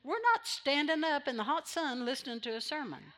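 A woman's voice: high-pitched, brisk, sharp tone. A woman pastor preaching a sermon in church, repeating phrases for emphasis and drawing amens from the congregation.

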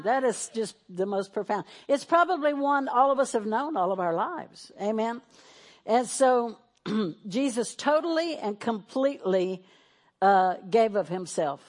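A woman's voice: on the high side, lively intonation, unhurried. Older woman preaching a sermon. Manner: chatty, laughing, folksy asides. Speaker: pastor. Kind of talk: sermon with communion. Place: church sanctuary. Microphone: handheld or podium mic.

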